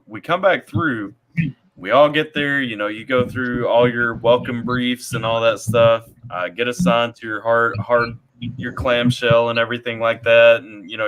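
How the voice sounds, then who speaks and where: A man with a bright, forceful voice spins a loose army anecdote in a casual chat. He circles back and repeats words as he talks, in an easygoing storytelling manner. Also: medium pitch, rough recording. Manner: rambling, repeats words while telling a story. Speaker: army veteran guest telling stories.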